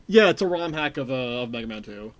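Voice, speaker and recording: A man streaming a retro platform game, chatting casually with viewers, excitable and swearing often. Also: mid-range voice, quick pace. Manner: excitable, swears often, bursts of shouting and laughter.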